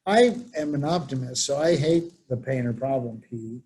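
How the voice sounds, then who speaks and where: A man's voice: medium pitch, animated, moderate pace, a little mellow, slight background noise. A man presenting a workshop, telling anecdotes and acting out the people he quotes. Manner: storytelling, acts out quoted voices. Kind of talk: conversational workshop talk.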